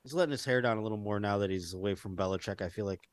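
A man's voice: lowish voice, very fast. A man co-hosting a podcast in loose, profane, rambling casual chat, often acting out quotes. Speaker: podcast co-host.

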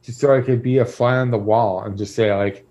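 A man's voice: mid-range voice, fairly even intonation, a little fast, dark tone. A man co-hosting a casual chat, easygoing and agreeable. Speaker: podcast co-host.

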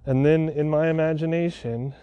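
A man's voice: on the high side, steady tone, moderate pace, no echo, dull audio. A man podcasting, telling a personal story in an earnest, heartfelt way, with sighs between thoughts.

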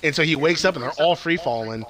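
A man casually recapping a movie plot on a podcast, excited and rambling, swearing often and laughing at the funny parts. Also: on the high side, fast, crowd noise. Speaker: podcast co-host reviewing movies.

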